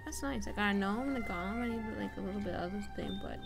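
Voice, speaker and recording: A young woman streamer with a fast, gravelly, mid-range voice chats and swears casually while playing a game and talking to its characters. It's relaxed let's-play commentary with game music in the background.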